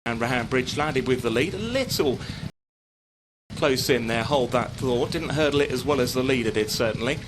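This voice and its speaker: A man giving live horse racing commentary as a steady running call of the field. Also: medium pitch, moderate pace, background noise.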